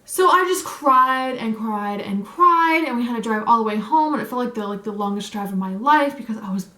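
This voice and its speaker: In a casual story-time clip recorded in an echoey room, a young woman vlogger retells events with lots of feeling, peppering her chatter with "like" and "um." Her voice is a little high, animated, a little fast, pushed and bright.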